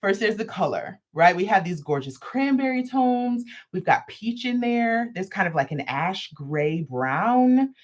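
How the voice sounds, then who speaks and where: A woman hosts a live crochet stream, demoing a product and tossing in playful, sassy asides. Her mid-range voice is very animated, though her pace stays measured.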